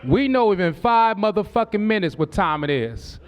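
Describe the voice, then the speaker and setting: A man in his forties doing stand-up on a club stage. His voice sits fairly high for a man. His delivery is brash and full of profanity, and he breaks into quoted voices as he tells his stories. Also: expressive, moderate pace. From Southern California. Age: 40s. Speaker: stand-up comedian. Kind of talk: stand-up comedy set.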